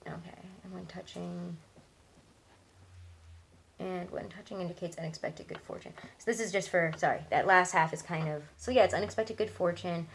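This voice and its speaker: A young woman with a lowish voice chats her way through a tarot reading, reassuring her viewers and filling pauses with ums and likes. A faint hiss sits under the recording. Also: creaky, poor audio. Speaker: tarot reader.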